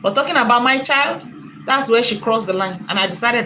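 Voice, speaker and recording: A woman's voice: a little high, a little fast, pushed and bright, a little hiss or hum, rough recording. A woman hosting a reaction commentary, mocking and heated as she answers a critic. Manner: mocking, heated, switches to sarcastic mock crying. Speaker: channel host.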